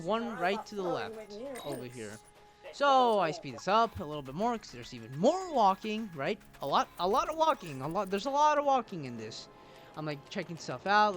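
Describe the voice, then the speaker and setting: Animated young man venting over gameplay. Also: fairly high pitch. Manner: animated, exasperated, self-mocking. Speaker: gaming YouTuber. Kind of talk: gameplay commentary. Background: game music.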